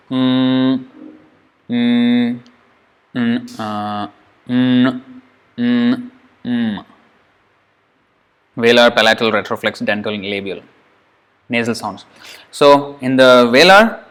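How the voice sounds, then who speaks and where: A patient male teacher walks through pronunciation one sound at a time. He says each syllable slowly and repeats it so the listener can hear it clearly. His pitch is middling and his explanations are plain, with the odd light aside. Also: a bit bright. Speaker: Sanskrit teacher. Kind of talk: pronunciation lesson.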